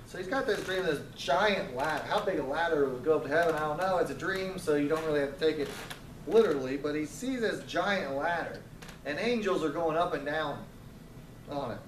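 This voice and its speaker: A man with a fairly high voice leads a relaxed Bible class, chatty and quick to toss in jokes and restart his sentences. He sounds roomy and a little far from the mic. A faint room hum sits behind him. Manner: conversational, joking asides, frequent restarts. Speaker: Bible study teacher. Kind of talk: casual Bible class teaching. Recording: roomy, distant, faint ambience.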